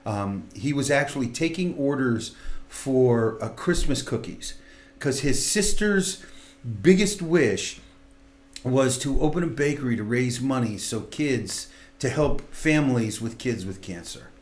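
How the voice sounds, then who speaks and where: A man's voice: mid-range voice, lively intonation, a little slow. A middle-aged man hosting a local talk show, giving an earnest, rambling motivational talk with many fillers and restarts.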